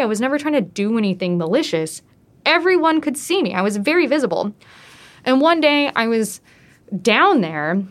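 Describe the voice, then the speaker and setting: A woman casually telling her own true story, talking in a loose way with frequent "like" fillers. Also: mid-range voice.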